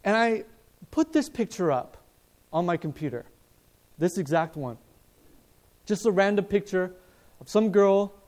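A man preaching at a seminar, telling a story in a lively way, acting out the dialogue and asking his listeners questions, speaking in a hotel seminar room. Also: sits high, unhurried, pauses often. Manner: animated, acts out dialogue, asks the audience questions.

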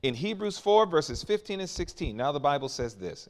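Lively preacher man in full flow. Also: on the high side, moderate pace, hardly any pauses. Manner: questions the congregation and waits for replies; swings between quiet asides and loud emphatic climaxes. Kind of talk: sermon.

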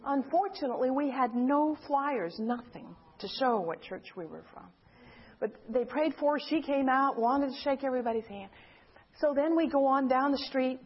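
High husky woman telling a story. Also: moderate pace, muffled recording. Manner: animated storytelling, acts out quoted voices. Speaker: church member giving a testimony. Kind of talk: personal story told to a group.

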